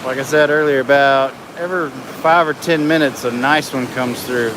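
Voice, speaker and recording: Filming on a phone at a beach inlet, a middle-aged livestream host narrates the view and reads out comments from viewers in a relaxed stream. He has a mid-range, steady voice and a moderate pace, and outdoor sounds can be heard behind him.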